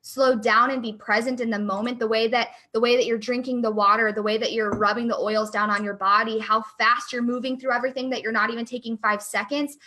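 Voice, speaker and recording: A woman coach with a bright, forceful voice that sits a little high, talking casually and with energy. She is a young adult who chats freely and fills her speech with "like" and "you know". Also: brisk, hardly any pauses. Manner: energetic and chatty, with many fillers. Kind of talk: casual chat.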